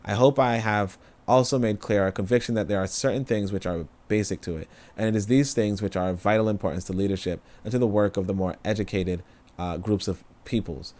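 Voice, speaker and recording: Low-voiced man reading an essay aloud. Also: steady tone, brisk, darkish tone. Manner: emotional, rambling asides, many fillers. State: tearful. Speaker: host reading and commenting. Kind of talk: livestream reading with casual commentary.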